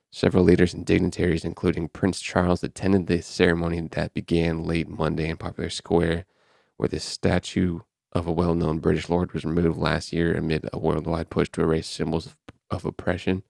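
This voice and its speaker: His voice sits low, gravelly yet a little mellow, in a dry recording of studio quality. He's a podcast host chatting offhandedly and wryly, reading news headlines aloud and riffing on them.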